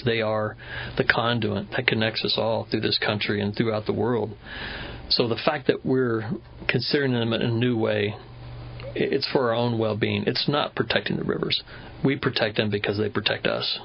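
A man's voice: lowish voice, steady tone, vocal fry, highs cut off, slight background noise. A man from Kentucky in his fifties, a river scientist guesting on a radio interview, telling stories thoughtfully with frequent restarts. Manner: thoughtful, unhurried storytelling with restarts.

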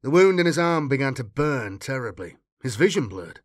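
A man giving a measured, dramatic fan reading of a science-fiction story. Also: medium pitch, sing-song, dry recording, studio quality. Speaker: audiobook reader.

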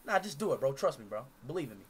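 A man streaming in public, chatting loudly and playfully with strangers in a casual, teasing way. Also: mid-range voice, sing-song, rapid-fire. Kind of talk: casual street chat with strangers.

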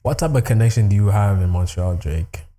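A man's voice: lowish voice, a little fast, dark tone. A man hosting a music reaction video in casual, slangy talk, full of fillers. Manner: loose slangy talk, constant "you know what I'm saying" fillers. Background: hip hop music.

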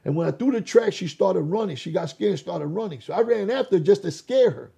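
An older man with a very raspy voice, giving an animated personal testimony as an interview guest, acting out dialogue and restarting his sentences often. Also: high voice, a little fast. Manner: re-enacts dialogue, repeats words and restarts often. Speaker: interview guest, former gang leader.

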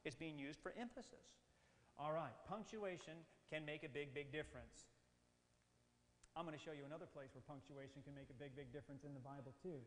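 A man's voice: fairly high pitch, fairly bright tone, slight background noise. A man preaching an emphatic seminar sermon, often putting questions to his audience. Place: hall with audience. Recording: long hall reverb.

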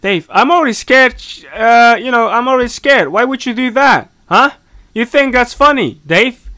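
A man doing let's-play commentary on a horror game, talking to himself and the characters. He is jumpy and mock-scolding, swinging from low mutters to sudden yelps. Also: lively intonation, moderate pace, pushed and bright, dry recording. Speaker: gaming commentator.

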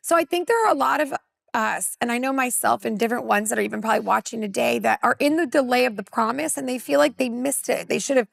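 A woman in her forties from California, a women's pastor, telling a personal testimony on a talk panel as a lively storyteller who acts out dialogue. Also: on the high side, quick pace, vocal fry, no room sound, clean studio sound.

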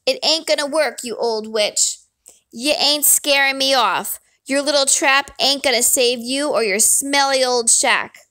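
Brief: woman doing a bullying man, snarling, scornful, sharp and raised. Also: a little high, sing-song, normal speed, few pauses. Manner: snarling, barking.

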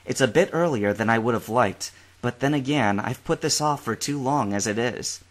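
A composed teenage boy with a dry, deadpan wit, speaking quietly in the reader's own mid-pitched voice, as a man plays him. He lays out his plans evenly in this audiobook. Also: moderate pace, close to an everyday voice. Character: calm, dry-witted teenage boy trainer.

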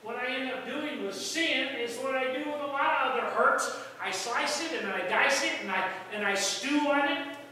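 A man preaching a sermon as pastor, in a folksy storytelling way that jumps into loud outbursts. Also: very high-pitched, normal speed, slight background noise. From United States. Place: church sanctuary. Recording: echoey hall from far off.

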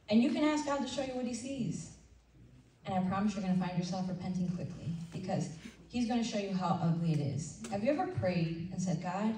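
A woman leading a women's ministry breakfast, preaching in a conversational, animated way and acting out little asides. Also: medium pitch. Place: church event room. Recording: roomy hall sound from a distant mic with faint noise.

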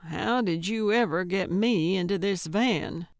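A cranky, blunt old woman detective, played by a woman reading a storybook. She talks slowly and snaps back with dry grumpiness, in a close, dry recording. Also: mid-range voice, dry recording, close to an everyday voice. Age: older. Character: feisty older woman amateur sleuth, blunt and cranky. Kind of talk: audiobook character voice.

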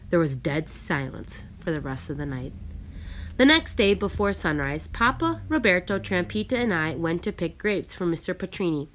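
A woman narrating a storybook reading in a measured, careful way. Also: on the low side, lively intonation, fairly bright tone, slight background noise. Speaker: audiobook narrator.

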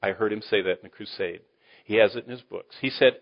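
A man teaching the Bible to a live audience in sermon style, animated, asking the room questions and swinging between loud emphasis and quiet asides. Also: medium pitch, moderate pace. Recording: dull lo-fi recording.

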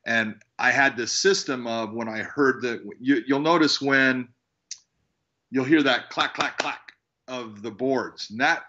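A man tells referee stories on a podcast, acting out the lines of the people in them. His voice is bright and forceful. The audio is a little dull and lo-fi. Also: medium pitch, measured pace. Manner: animated storyteller acting out quotes. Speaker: guest, fight referee. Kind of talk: casual podcast chat.

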